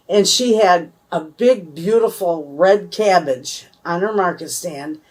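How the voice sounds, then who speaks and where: A woman in her fifties with a Michigan accent, chatting casually and rambling in a folksy, homespun way about her homestead. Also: on the low side. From USA. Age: 50s. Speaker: homesteading vlogger. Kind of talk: casual chat to camera.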